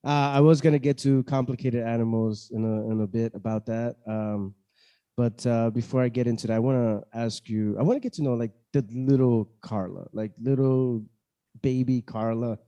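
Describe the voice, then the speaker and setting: A man hosts a relaxed podcast chat with a warm, mellow tone. He jokes easily with his guest and fills the gaps with "uh" and "like" as he rambles through his stories. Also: medium pitch, moderate pace, dull audio. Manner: chatty, joking, many fillers. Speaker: podcast host. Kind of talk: casual interview chat.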